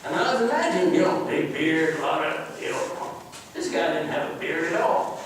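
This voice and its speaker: A man's voice: fairly high pitch, lively intonation, fairly quick, background noise. A man telling a story to an audience, folksy and joking, speaking as a preacher. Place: lecture hall. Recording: very echoey hall from far off.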